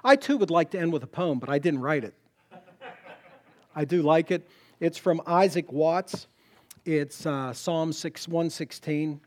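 Emphatic preacher man, pitch on the high side. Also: a little slow, long pauses. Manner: emphatic, repeats words, rising to loud punchlines. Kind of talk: sermon.

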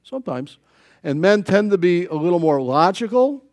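An older male pastor preaching a sermon in a fairly high voice that rises and falls a lot. He talks in a folksy, conversational way, with joking asides and questions thrown out to the congregation. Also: sing-song, moderate pace, darkish tone.

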